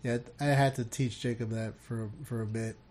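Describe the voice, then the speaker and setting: A man's voice: medium pitch, steady tone, moderate pace, a little mellow. A man in his thirties, co-hosting a podcast, telling family stories in a loose way with swearing. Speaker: podcast co-host. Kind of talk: casual chat.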